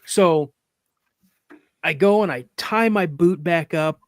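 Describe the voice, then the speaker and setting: A man guesting on a podcast tells a story in a lively, casual way, acting out quotes and restarting phrases as he goes. His voice is a little high for a man. The recording is dry, with no room sound. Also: slow pace, dry recording. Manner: animated, vivid retelling with acted quotes; rambling with restarts.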